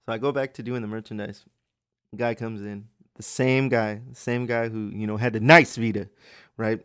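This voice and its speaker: Male podcast host, low voice, profane and exasperated rambling anecdotes, dry recording. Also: level tone, normal speed, fairly bright tone, clean tone, dry recording. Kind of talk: casual storytelling rant.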